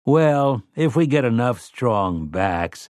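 A man's voice: medium pitch, expressive, slow pace, a little mellow, dry recording, clean studio sound. A man voicing an earnest, plain-spoken farmer with blunt, rustic phrasing.

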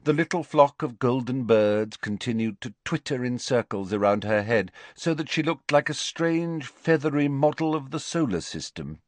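A man reading an audiobook aloud as its narrator, expressive and measured in his storytelling. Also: medium pitch, dry recording. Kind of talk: scripted narration.

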